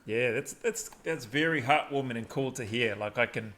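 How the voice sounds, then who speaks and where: A man's voice: mid-range voice, normal speed, a little hiss or hum. A man hosting a podcast interview, giving encouraging responses and asking follow-up questions. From New Zealand. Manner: warm, affirming listener with short backchannels. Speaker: podcast host.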